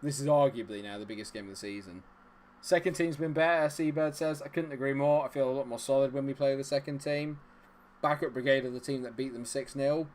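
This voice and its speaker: A young adult man hosting a live gameplay stream, chatting with viewers and cheering loudly at the game. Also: medium pitch, brisk, a little hiss or hum. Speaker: gaming livestream host. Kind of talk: live gameplay commentary and chat reading.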